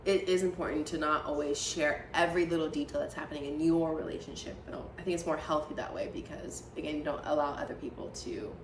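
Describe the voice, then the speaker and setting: Chatty young woman, low voice, echoey room. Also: little pitch movement, quick pace, few pauses, distant mic. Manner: laughs often, chatty and opinionated. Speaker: podcast co-host. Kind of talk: casual chat. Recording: roomy echo, off-mic, light room noise.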